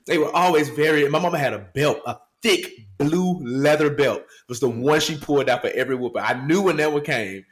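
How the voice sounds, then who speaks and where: A man's voice: fairly high pitch, fairly quick, few pauses. A man co-hosting a podcast in casual chat, telling family stories with lots of laughter. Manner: animated storytelling, laughs often. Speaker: podcast co-host. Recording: roomy sound with faint noise.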